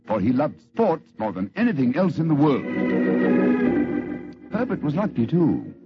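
A man telling a story in scripted radio narration, dramatic and theatrical, on a lo-fi old radio recording. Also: medium pitch.

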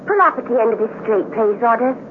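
Woman doing a sweet-talking schemer, fake tender, tinny radio with loud hiss. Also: a little high, expressive, fast, natural voice. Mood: coaxing. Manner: coaxing, falsely tender. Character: scheming woman luring her lover.

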